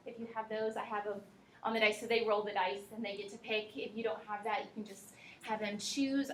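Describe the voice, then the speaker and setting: A woman teacher giving a workshop presentation to other teachers, talking in a relaxed, practical way and speaking straight to her audience. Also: fairly high pitch, a little hiss or hum. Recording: echoey room, mic from a distance.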